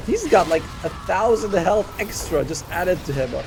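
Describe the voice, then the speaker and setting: A man giving casual color commentary and analysis on an esports match. He talks in a chatty way, thinking out loud with fillers and quick exclamations. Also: high-pitched, lively intonation, noisy background.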